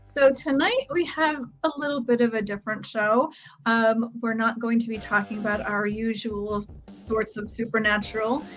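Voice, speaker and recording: A woman's voice: fairly high pitch, steady tone, normal speed, a bit bright, faint music behind. A woman hosting a talk show, introducing her guest upbeatly with frequent ums. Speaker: host. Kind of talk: podcast hosting.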